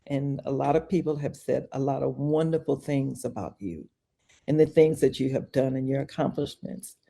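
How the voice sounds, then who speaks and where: An older woman, a podcast guest, telling an animated story and acting out both sides of a phone call. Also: rumbling low, moderate pace, gravelly. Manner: acts out the phone call, shrieks repeated exclamations.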